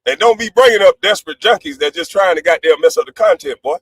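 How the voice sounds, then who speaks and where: A panelist on a live stream, this man has a high, husky voice and talks animatedly at a quick pace. He rants brashly and swears freely, shifting from loud outbursts to quiet asides, like a heated call-in. The rough, dry recording puts his voice close, with no room around it.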